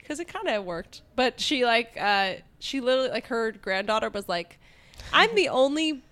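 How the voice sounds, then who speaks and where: Brief: young woman, podcast co-host, pitch a touch high, loose and chatty, laughs easily. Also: expressive, moderate pace, a bit bright. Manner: chatty, laughs often, trails off and restarts. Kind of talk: casual chat, retelling history.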